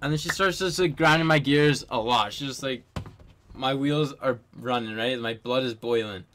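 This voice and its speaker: A man's voice: medium pitch, normal speed, a bit bright, slight background noise. Rambling young man telling a story. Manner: rambling, heavy on filler "like", swears a lot. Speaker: storyteller in a group chat. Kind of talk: casual story chat with friends.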